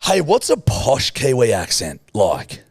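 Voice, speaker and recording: An Australian man co-hosting a podcast, talking bluntly and swearing often as he tells animated stories. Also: mid-range voice, measured pace, gravelly, breathy edge, no echo, clean studio sound. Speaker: podcast co-host. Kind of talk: casual podcast chat.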